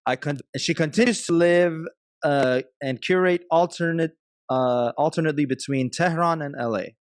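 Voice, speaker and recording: A man hosting a podcast, introducing his guest and asking questions in a halting way, with many pauses and fillers. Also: a little high, no room sound. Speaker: podcast host. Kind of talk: interview hosting.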